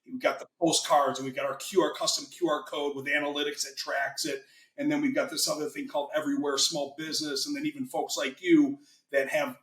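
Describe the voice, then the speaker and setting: A chatty, enthusiastic American man pitching his business as a guest, his voice pitched a little high. He sounds like he's in a roomy, echoing space, talking loosely and casually. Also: a bit bright. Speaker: guest, financing consultant. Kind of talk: casual interview chat.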